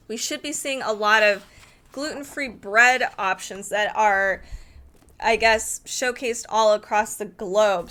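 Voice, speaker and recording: A woman with a slightly high voice talks through a cookbook as she flips its pages. She is eager and chatty, thinking aloud and catching her own slips. The tone is a casual home review. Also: fairly bright tone. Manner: enthusiastic, thinking aloud, self-correcting. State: arm tired from holding a heavy book.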